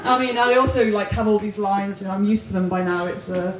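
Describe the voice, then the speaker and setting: A woman's voice: mid-range voice, quick pace, crowd noise. A young woman doing a stand-up comedy set at a pub comedy night, self-deprecating and laughing at her own jokes. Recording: loud roomy pub recording from far off.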